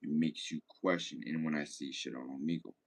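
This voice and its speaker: Deep-voiced laid-back young man streaming. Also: steady tone, a little fast. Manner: laid-back, swears often, rambling. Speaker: streamer reading chat. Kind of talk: casual chat.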